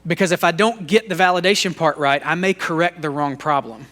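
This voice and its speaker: A man's voice: fairly high pitch, fairly quick, a bit bright. A man giving a conversational teaching talk to a live audience, acting out everyday talks with his young son. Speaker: speaker at a church leadership talk.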